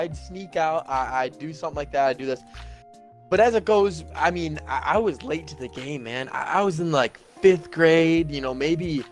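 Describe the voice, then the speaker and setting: Excitable young man podcast co-host. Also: fairly high pitch. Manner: excitable, loud reactions, says man a lot. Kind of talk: casual chat.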